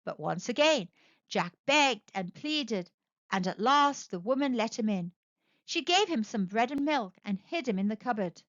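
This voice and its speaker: A woman reading a picture book aloud to children, narrating with expressive, animated storytelling. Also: fairly high pitch, a little slow, no room sound, lo-fi sound. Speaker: storyteller, channel host.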